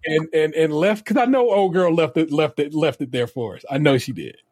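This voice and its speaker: A man's voice: on the high side, animated, a little fast, a little mellow, slightly rough, no room sound, clean studio sound. A man co-hosting a podcast, telling stories in a laid-back, casual way with some profanity. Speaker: podcast co-host. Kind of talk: casual chat.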